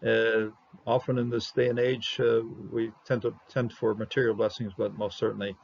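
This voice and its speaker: A low, gravelly man works through a Hebrew verse word by word, pausing often and drawing out each term as he sounds it. The recording is dull and lo-fi. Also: level tone. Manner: halting, many fillers, sounds out Hebrew words slowly. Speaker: Hebrew Bible teacher.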